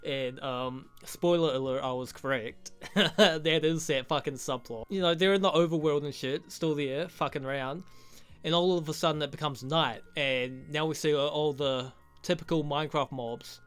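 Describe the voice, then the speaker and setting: A man's voice: on the high side, normal speed, a bit bright, clear, resonant tone, faint music behind. A young man giving a rambling, profane, joking recap of a movie as a reviewer. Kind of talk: crude comedic movie recap.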